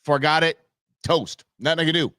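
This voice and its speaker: A middle-aged male host with a slightly high voice tells a story in a loose, emphatic ramble full of fillers and false starts. The sound is close and dry. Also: normal speed, bright, forceful tone, dry recording. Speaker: show host. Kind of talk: casual storytelling on a live show.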